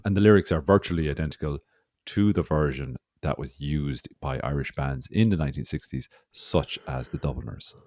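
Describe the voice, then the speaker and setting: Deep-voiced man, teasing podcast co-host. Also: brisk, few pauses, a little mellow, dry recording, studio quality. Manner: loose, swears freely, teasing. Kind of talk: casual chat.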